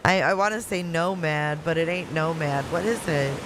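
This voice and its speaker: Chatty Michigan woman over steady noise. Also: deep voice, normal speed. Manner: chatty, reads viewer comments aloud and answers them. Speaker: livestream host. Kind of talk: casual live-chat stream. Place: at home in Florida riding out a hurricane.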